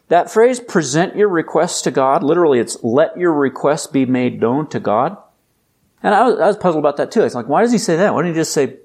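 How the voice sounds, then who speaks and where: A man preaching a sermon in a conversational, emphatic way, building up to loud, intense exhortation. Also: on the high side. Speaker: pastor.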